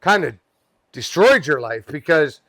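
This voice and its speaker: A man's voice: on the high side, sing-song, a little slow, a bit bright, no echo. A man telling a funny customer story in a casual podcast chat, acting out the quoted voices and laughing often. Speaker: guest, pest control worker.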